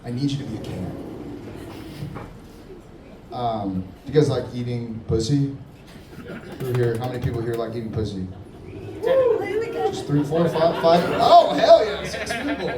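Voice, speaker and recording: Male stand-up comic, teasing and laughing at the crowd, lively delivery, roomy live-club sound. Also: medium pitch, measured pace, long pauses. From Middle Eastern heritage, Persian father. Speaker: stand-up comedian. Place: comedy club stage. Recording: echoey room, distant, noisy crowd.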